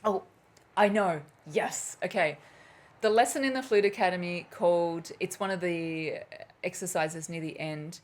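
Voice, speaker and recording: Chatty woman flute teacher, slightly low voice. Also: measured pace. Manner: chatty, laughs at herself, loses her train of thought. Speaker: flute teacher hosting a live Q&A. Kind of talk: live-streamed lesson, casual and chatty. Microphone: camera mic on a live stream.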